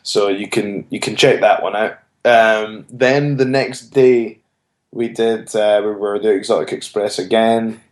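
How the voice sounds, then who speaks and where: A man's voice: lowish voice, fairly even intonation, unhurried. A man, a wrestler being interviewed, telling his story earnestly and often restarting his phrases. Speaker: wrestler guest. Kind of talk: casual interview chat. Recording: roomy echo.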